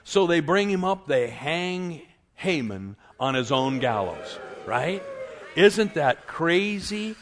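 A male preacher retelling a scripture story in an animated, dramatic way. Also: fairly high pitch, takes it slowly, noisy background. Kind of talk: sermon storytelling.

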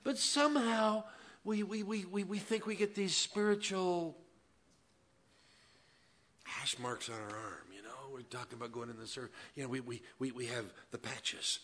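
A pastor preaching a Wednesday evening church sermon, swinging between loud, emphatic lines and quiet, conversational asides, with a folksy manner full of "man" and "you know". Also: a little high, fairly even intonation, normal speed.

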